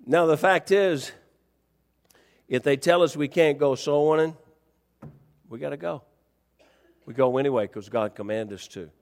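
A male pastor preaching a sermon, telling a story and rising to near-shouts as he acts out the exchange. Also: a little high, unhurried, pauses often, long reverb tail.

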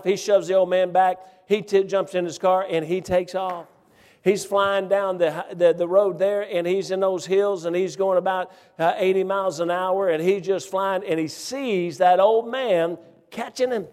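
A man preaches a sermon and tells a story in a folksy, halting way, full of fillers and restarts. His voice sits a little high. A long reverb rings through the large hall. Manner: folksy, halting, grows loud and excited in the story.

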